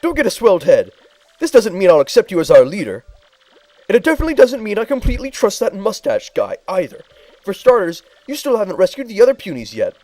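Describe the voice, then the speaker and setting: A man's voice: high voice, wildly swooping pitch, quick pace, warm tone, no room sound, voice pushed up, low-quality recording. A man voicing a stubborn, proud young creature in a game playthrough, sneering and dismissive. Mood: defiant.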